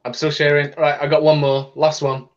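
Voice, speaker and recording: A man's voice: a little high, completely flat delivery, normal speed. A British man hosting a casual podcast chat, laughing often and reading posts aloud. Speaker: podcast host. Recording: dull lo-fi audio.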